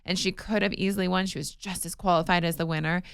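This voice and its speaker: A young woman from Nevada hosting a podcast in casual chat, quick-talking and excitable. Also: fairly low pitch, creaky, clear, resonant tone, dry recording, clean studio sound. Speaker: podcast host.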